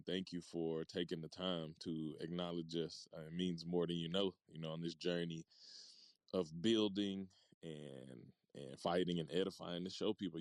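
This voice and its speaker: A man speaking in a casual, warm and affirming way in an online audio chat room. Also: deep voice, no echo.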